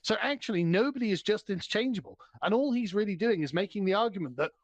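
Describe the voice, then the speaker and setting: A man on a casual reaction stream, animated and quick to joke, stammering as he builds up a point. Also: high voice, dry recording. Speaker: stream co-host. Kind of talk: casual group reaction chat.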